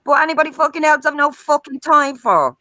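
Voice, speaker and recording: A woman's voice: high voice, lively intonation, a little fast, pushed and bright, dry recording, low-quality recording. A woman on a live-stream panel, talking bluntly and heatedly and swearing often. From Ireland.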